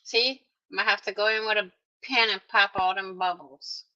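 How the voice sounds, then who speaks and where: A woman's voice: medium pitch, fairly even intonation, moderate pace, bright, forceful tone. A woman narrating a casual crafting tutorial, chatty and talking straight to her viewers with playful little exclamations, in a dull lo-fi recording. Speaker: craft vlogger.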